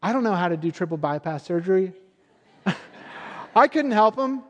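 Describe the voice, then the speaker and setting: High-voiced man preaching in a hall. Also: animated, normal speed. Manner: storytelling, conversational and earnest. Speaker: pastor. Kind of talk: sermon. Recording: long hall reverb.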